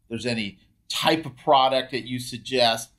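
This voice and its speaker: A man hosting an interview podcast, jumping in with quick reactions and long, rambling questions. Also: medium pitch, a bit bright. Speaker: podcast host. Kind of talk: casual interview conversation.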